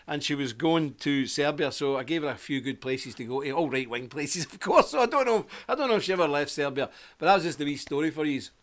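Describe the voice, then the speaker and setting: A man hosting a casual live stream, spinning a long personal anecdote in a loose, talkative manner. His speaking voice sits a little higher than most men's. He breaks off to welcome viewers one by one. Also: expressive, fast, few pauses. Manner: chatty and anecdotal, greeting viewers by name.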